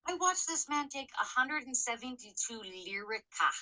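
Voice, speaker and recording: A woman's voice: sits high, very animated, moderate pace, pushed and bright, low-quality recording. A middle-aged woman frankly telling her own story on a podcast, swearing freely, with many fillers and restarts. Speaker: podcast co-host. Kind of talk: candid personal storytelling.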